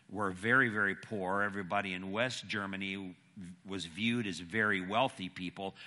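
A man's voice: on the low side, sharp tone. A man preaching a sermon and telling a story with emphatic, dramatic pacing.

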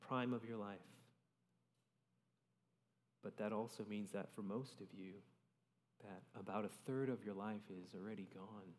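Low-voiced young preacher in a hall. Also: male voice, unhurried, pauses often, darkish tone. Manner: conversational, keeps adding "right?". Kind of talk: sermon. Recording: long reverb of a large hall.

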